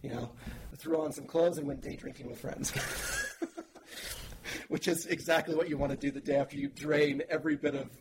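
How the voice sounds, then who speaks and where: A man as a podcast guest, telling stories about his past work in a relaxed, chatty way, often restarting his sentences. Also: a little high, moderate pace, background noise. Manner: relaxed storytelling, frequent restarts, easy laughter. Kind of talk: casual interview chat.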